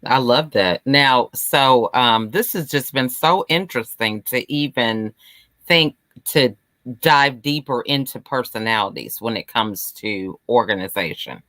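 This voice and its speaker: Bright-voiced woman host, dry sound. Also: extremely low pitch, unhurried, no echo. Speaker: podcast host. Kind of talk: casual interview.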